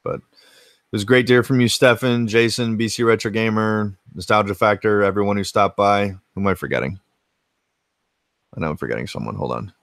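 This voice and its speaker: A man's voice: fairly low pitch, a little fast, vocal fry, fairly bright tone, no echo. An American man hosting a casual retro gaming livestream from his home game room, laid-back and rambling, swearing freely as he answers chat. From United States.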